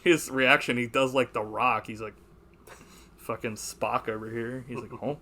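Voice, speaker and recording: A man's voice: mid-range voice, steady tone, moderate pace, pushed and bright. A young man hosting a podcast, chatting casually about a movie, rambling, swearing and laughing as he quotes lines. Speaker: podcast host.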